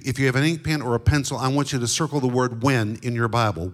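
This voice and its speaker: Emphatic middle-aged man preaching. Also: medium pitch. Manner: emphatic, deliberate, slows on key words. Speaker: guest Bible teacher. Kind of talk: sermon.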